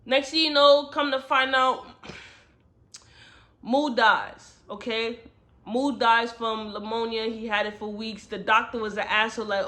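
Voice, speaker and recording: Chatty bright-voiced woman recapping a novel. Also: fairly high pitch, steady tone, unhurried. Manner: chatty retelling full of slang and "you know" asides. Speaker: book reviewer. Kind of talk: casual book review recap.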